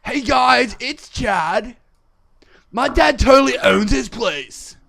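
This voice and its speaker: A man voicing an airheaded rich-kid American teen boy in an exaggerated, high, loud put-on voice, in casual podcast banter. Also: lively intonation, takes it slowly, creaky, a crowd in the background, exaggerated voice. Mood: cocky.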